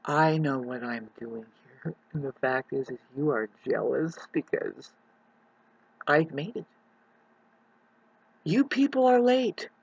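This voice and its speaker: Husky, intense voice in a profane rant. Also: medium pitch, animated, slow, pauses often, dry recording, muffled recording. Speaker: vlogger. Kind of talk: rambling rant to camera. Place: rural mountain home.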